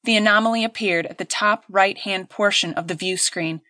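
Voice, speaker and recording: A woman narrating an audiobook in a steady, clear storytelling voice. Her pitch sits in the middle of the range. She is recorded on a close studio mic with a dry, dead sound. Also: normal speed, no echo. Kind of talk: scripted narration.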